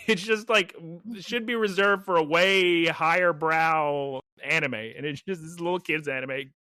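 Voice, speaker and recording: A man co-hosting a podcast, recapping an episode in animated, rambling casual chat and laughing often. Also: a little high, unhurried, clean tone, no room sound, studio quality. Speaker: podcast co-host.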